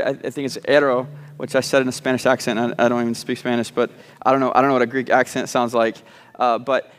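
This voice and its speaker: A man's voice: mid-range voice, clean tone, in a large hall. A man preaching a sermon, repeating words as he starts sentences and slipping in joking asides. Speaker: pastor. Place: church sanctuary.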